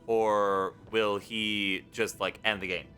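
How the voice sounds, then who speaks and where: A young male streamer talks casually while he plays, reading chat out loud and reassuring his viewers. His voice sits low but has a crisp, forceful brightness. Faint game music plays underneath. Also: level tone, slow. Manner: chatty, reads chat aloud, encouraging.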